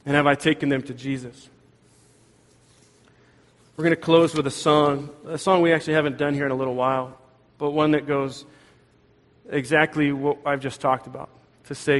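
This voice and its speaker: A man's voice: a little high, fairly even intonation, normal speed, long pauses, in a large hall. A man preaching a sermon as pastor, earnest and conversational, speaking in a church sanctuary.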